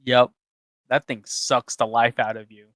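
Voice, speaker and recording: A woman's voice: rumbling low, flat delivery, measured pace, dry recording. A woman co-hosting a casual livestream, laid-back, reading viewers' chat aloud. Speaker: streamer co-host.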